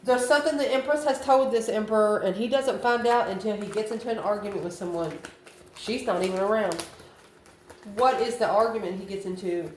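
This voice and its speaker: Woman tarot reader, chatty, mid-pitched, roomy echo, faint background hiss. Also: brisk. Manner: chatty, calls listener honey, laughs between cards. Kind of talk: casual tarot reading.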